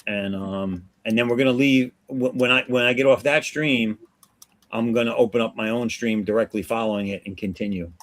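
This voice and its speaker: A man hosting a relaxed live drawing stream, joking and rambling in casual chat with a friend. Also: mid-range voice, normal speed. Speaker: comic artist streamer.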